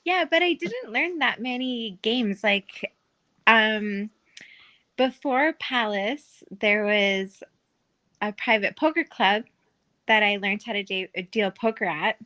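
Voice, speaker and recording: A woman's voice: on the high side, takes it slowly, bright, forceful tone. A woman telling casual stories as a podcast guest, chatty and full of fillers, often laughing. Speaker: podcast guest, former casino dealer. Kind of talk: casual storytelling.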